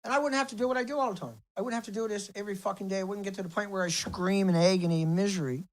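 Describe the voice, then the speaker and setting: A man's voice: high-pitched, steady tone, rapid-fire, dry recording, rough recording. A man ranting to camera in an angry vlog, heated and profane, repeating himself. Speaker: video blogger.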